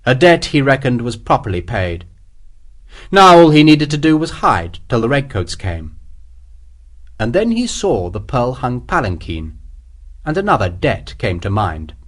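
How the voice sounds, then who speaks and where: A man reading an audiobook in steady, measured scripted narration. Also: mid-range voice.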